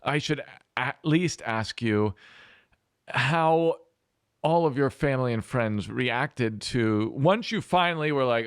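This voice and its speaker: A man's voice: mid-range voice, lively intonation, slow, clear, resonant tone, no room sound, clean studio sound. A man hosting a podcast in a casual, lighthearted and joyful way. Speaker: podcast host. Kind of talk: casual conversation.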